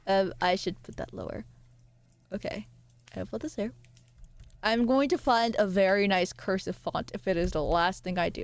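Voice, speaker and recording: A woman streamer chatting casually with her viewers, excitable and giggly, often jumping up into squealy highs. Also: unhurried, no room sound. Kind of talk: casual live-stream chat.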